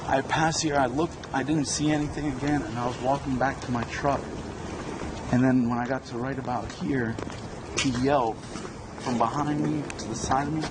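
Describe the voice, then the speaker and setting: A man giving a halting, self-correcting statement about an incident, recorded outdoors near a street. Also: medium pitch, fairly even intonation. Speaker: witness giving a police statement. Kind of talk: recounting events at a scene. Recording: loud outdoor traffic noise. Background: street traffic and outdoor ambience.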